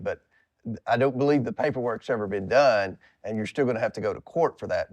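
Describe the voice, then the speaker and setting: Measured low-voiced man in an interview. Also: no echo.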